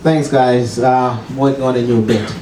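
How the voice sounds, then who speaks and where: A man's voice: mid-range voice, fairly even intonation, moderate pace, echoey room, noisy background. A man with a Zimbabwean accent performs wry, self-mocking stand-up at a small open mic. His voice is picked up from some distance and rings around the room. He chuckles now and then at his own lines. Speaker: stand-up comedian. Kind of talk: stand-up set.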